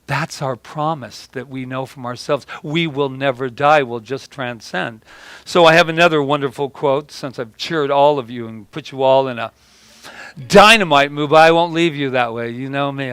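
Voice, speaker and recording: A man's voice: mid-range voice, fairly bright tone, clear, resonant tone, dry recording. Rambling male preacher with a dry sound. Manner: rambling, with many restarts and repeated words. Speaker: pastor. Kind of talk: sermon.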